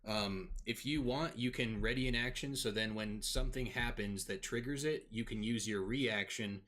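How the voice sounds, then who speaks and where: A man's voice: lowish voice, moderate pace, a bit bright. A man acting as dungeon master in a tabletop game. He laughs often and explains the rules patiently.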